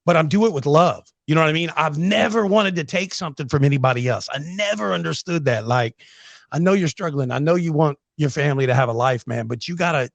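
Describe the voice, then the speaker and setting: A man hosting a casual podcast conversation, his voice sitting a little high for a man. He tells brash, competitive stories, calling his guest bro. The mic is close and the room dead dry. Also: fast, vocal fry, no room sound, dull audio. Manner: brash, storytelling, says bro a lot. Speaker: podcast host. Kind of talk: casual interview chat.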